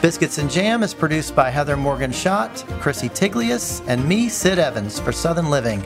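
A male podcast host asking questions and reading a polished, measured closing outro. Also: fairly high pitch, big pitch swings, vocal fry. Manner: polished, measured announcer delivery. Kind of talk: interview and scripted outro. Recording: music bed under voice.

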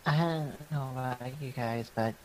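Man, slow halting speech, lots of uh, tabletop player, faint noise. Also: medium pitch, rough recording. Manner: hesitant, many fillers. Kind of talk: casual tabletop role-play.

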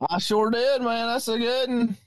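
A man's voice: very high voice, steady tone, moderate pace, smooth, dry recording. A man co-hosting a casual podcast over a laptop mic, joking and swearing freely. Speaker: podcast co-host.

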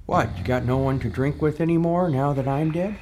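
A man's voice: on the high side, fairly quick, darkish tone, slight background noise, natural voice. A man playing the scornful, taunting ghost of an older male senator in a comedy audio sketch. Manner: taunting, sarcastic, scolding.

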